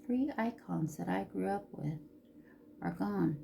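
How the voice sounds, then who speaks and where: A beauty vlogger in her fifties chats casually while doing her makeup, rambling through stories and chuckling often. Her lowish, mellow voice is expressive and a little slow, with vocal fry and a faint hiss or hum in the background.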